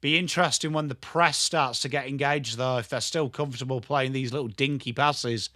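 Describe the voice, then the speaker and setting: A man's voice: medium pitch, steady tone, normal speed, bright, forceful tone, no echo, studio quality. A man with an English accent giving live, chatty and jokey football watchalong commentary, greeting viewers by name. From England. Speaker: watchalong streamer.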